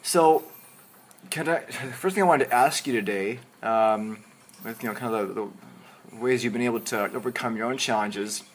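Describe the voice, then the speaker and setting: A man's voice: mid-range voice, normal speed. A man hosting a faith-themed podcast, asking questions in a friendly, searching way. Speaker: podcast host.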